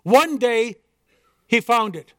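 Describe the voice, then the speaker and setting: Man doing a proud old pearl diver: formal, earnest, high voice, dry sound. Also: animated, slow, a bit bright, no echo, heavily acted. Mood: mournful. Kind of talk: storybook dialogue reading.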